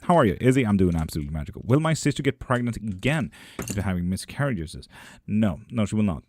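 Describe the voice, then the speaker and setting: A man's voice: lowish voice, very animated, fast, slight background noise. A man reading tarot and bones on a live stream. He reads viewer questions aloud in a lifted voice, then answers them in a dry, teasing way in casual chat.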